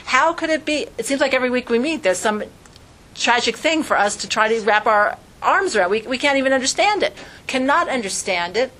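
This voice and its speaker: A woman's voice: a little high, lively intonation, fairly quick, a bit bright. A woman teaching an informal religious class, earnest and conversational, with strings of rhetorical questions. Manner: conversational, frequent fillers like "like".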